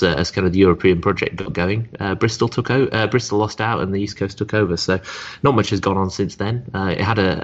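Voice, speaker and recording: A man's voice: sits low, dull audio. An English man in his thirties co-hosting a podcast, wry and dismissive, rambling with many fillers. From England. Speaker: podcast co-host. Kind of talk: casual chat.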